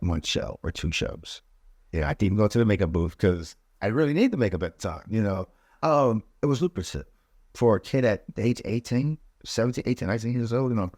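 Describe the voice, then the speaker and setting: A man's voice: lowish voice, darkish tone, dry recording, clean studio sound. A man speaking as a podcast guest, telling a personal story in a loose, conversational way with frequent "you know" asides.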